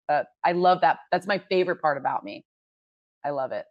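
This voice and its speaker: Podcast co-host, woman, lower register, dry close sound, animated storyteller. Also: no echo, dull audio. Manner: animated storyteller, quick asides, laughs often. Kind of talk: casual chat.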